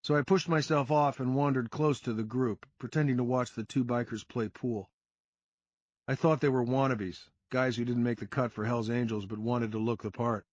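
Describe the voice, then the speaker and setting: A man reading a first-person crime story aloud in a steady storytelling delivery. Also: mid-range voice, normal speed, no room sound, lo-fi sound. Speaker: audiobook narrator. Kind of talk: first-person scripted narration.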